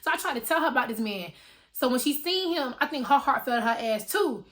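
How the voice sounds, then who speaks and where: A woman telling a story to her viewers in a casual, animated way, full of slang and swearing. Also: high-pitched, brisk. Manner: animated, slangy and profane, addressing viewers directly. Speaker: storytime vlogger.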